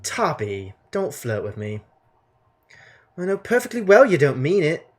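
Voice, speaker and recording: A man reading the lines of an unimpressed woman explorer in a low, quiet, dry delivery. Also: wildly swooping pitch, a little slow, soft background music.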